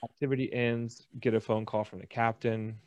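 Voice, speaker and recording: A man co-hosting a casual podcast, an animated storyteller who acts out the people in his stories. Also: medium pitch, moderate pace. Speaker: podcast co-host. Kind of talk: casual chat.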